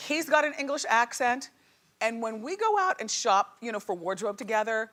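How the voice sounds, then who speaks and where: Give me a woman talk show host gossiping, sassy and chatty, with a bright, tense voice. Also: a little high, expressive, normal speed. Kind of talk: celebrity gossip monologue.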